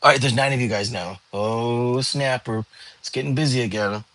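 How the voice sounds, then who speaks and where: A tired young man, hosting a relaxed livestream and chatting with viewers from home. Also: medium pitch, moderate pace, no echo. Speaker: livestream host. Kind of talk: casual livestream chat. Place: home, lying down.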